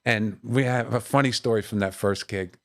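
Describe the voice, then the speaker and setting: A man's voice: on the low side, moderate pace. A man, a comedian guest in a podcast studio, telling stories, acting out the voices in them and often adding "you know what I mean". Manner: animated, acts out the voices in his stories. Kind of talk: storytelling anecdotes in an interview.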